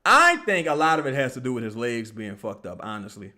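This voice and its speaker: A young man streaming live fan commentary on a basketball game, excitable and profane, often bursting into yells at the players. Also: medium pitch, fairly quick.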